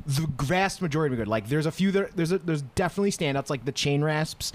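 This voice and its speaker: A man's voice: a little high, quick pace. A man chatting casually on a podcast, sarcastic and laughing often, swearing freely.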